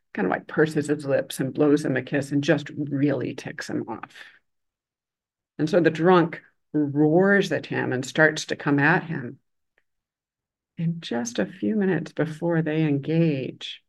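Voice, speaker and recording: A woman giving a Buddhist dharma talk in a gentle, conversational way. She pauses often and lets phrases trail off. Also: low voice. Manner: uses a loud, bright voice for quoted speech. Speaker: Buddhist meditation teacher.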